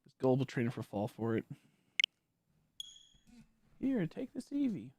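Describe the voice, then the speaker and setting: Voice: medium pitch, wildly swooping pitch, normal speed, very noisy. A streamer putting on a sly, mocking voice for a game character offloading an Eevee. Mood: scheming. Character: scheming woman handing off an Eevee.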